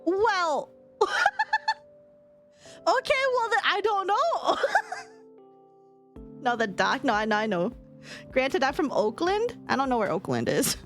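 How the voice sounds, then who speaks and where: Brief: young Californian woman streamer, higher voice, bouncy and giggly, faint music underneath. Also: a little slow, long pauses. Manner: giggly, laughs often, animated. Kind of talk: casual stream commentary.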